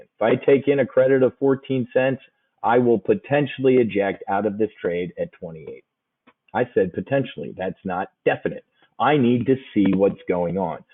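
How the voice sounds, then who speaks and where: Joking man teaching trades, tinny sound. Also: medium pitch. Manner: folksy, joking, emphatic repetition. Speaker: options trading instructor. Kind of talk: casual trading lesson.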